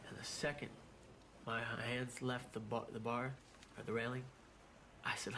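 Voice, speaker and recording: A man telling a personal story in a documentary interview, halting and repeating his words as he goes. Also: medium pitch, a bit bright, slight background noise. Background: music.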